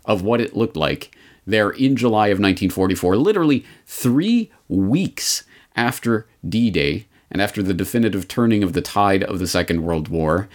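A man hosting a history commentary show, speaking in a measured, deliberate way with sardonic asides. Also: lowish voice, animated. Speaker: podcast host.

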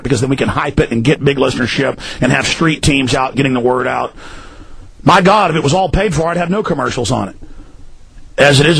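A hoarse man hosting a talk radio show, ranting and pleading, shouting often with his voice breaking high. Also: no room sound, low-quality recording. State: hoarse from screaming. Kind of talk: impassioned talk radio rant.

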